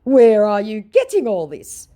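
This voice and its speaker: A woman voicing a whiny, defensive young male online scammer who pleads and protests in drawn-out words. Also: medium pitch, huge pitch swings, dark tone, pitched above the performer's own voice.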